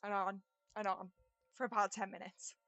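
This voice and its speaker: A woman's voice: mid-range voice, little pitch movement, normal speed, a bit bright, no echo, soft background music. A woman narrating a tabletop game as game master in a casual, chatty way.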